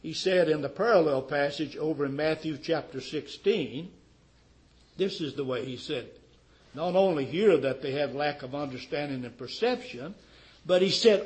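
A man with a notably high voice delivers a fervent sermon. He presses his listeners with rhetorical questions, rising loud on key points and falling soft at the ends of phrases. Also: lively intonation, normal speed, low-quality recording. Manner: fervent, rhetorical questions, wide swings in loudness. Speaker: preacher.

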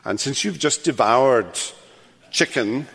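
An older man preaching a sermon as pastor, swinging from loud, animated passages to hushed, quiet endings. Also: mid-range voice, slow, vocal fry, breathy edge, big-room sound. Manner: animated preaching, rising loud then dropping to hush. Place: church sanctuary.

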